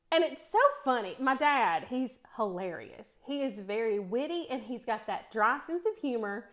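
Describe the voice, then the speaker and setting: Chatty East Tennessee woman, higher voice. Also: animated, moderate pace, hardly any pauses. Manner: chatty storyteller, laughs often. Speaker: cooking vlogger. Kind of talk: casual chat while cooking.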